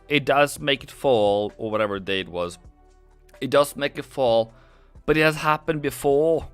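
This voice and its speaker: Bright, chatty Norwegian-accented man. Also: medium pitch. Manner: joking, chatty, reads chat aloud. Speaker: trading live-stream host. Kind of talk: casual live-stream commentary.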